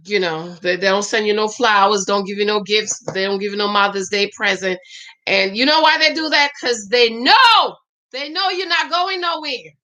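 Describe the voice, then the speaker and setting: A relationship advice vlogger with a medium-pitched voice and moderate pace gives dating and marriage tips in a casual, sassy chat. Animated, she speaks straight to her women viewers, calls them "girl," and acts out quoted voices.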